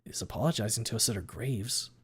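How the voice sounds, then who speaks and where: A man's voice: fairly low pitch, fast, slightly rough. A man voicing a young man, a blood-soaked dead friend who greets the narrator with eerie cheer. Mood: menacing.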